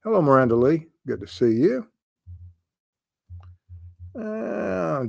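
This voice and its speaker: A man's voice: fairly high pitch, big pitch swings, slow, creaky, no echo. Older man rambling on a livestream. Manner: rambling, many ums and uhs, greets chat viewers. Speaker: true crime livestream host. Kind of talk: casual livestream chat.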